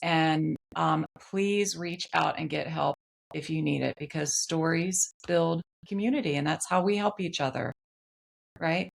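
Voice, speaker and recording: A woman's voice: deep voice, unhurried, vocal fry. A woman speaking as a podcast guest in casual chat, earnest and candid. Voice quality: earnest, candid, laughs easily. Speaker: podcast guest, speech-language pathologist.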